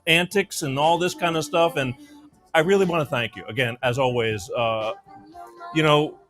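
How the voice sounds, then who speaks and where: A man's voice: fairly high pitch, normal speed, faint music behind. A man hosting a casual late-night talk show, rambling and telling jokes. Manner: rambling, animated, joke-telling. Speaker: show host.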